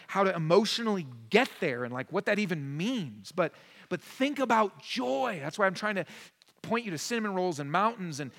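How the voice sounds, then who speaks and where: A man in his thirties preaching a conversational sermon, moving between quiet, intimate asides and rising, emphatic lines. His voice sits a bit high for a man. The sound is a church sanctuary with a long reverb tail. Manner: conversational, swings from hushed to emphatic. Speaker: pastor.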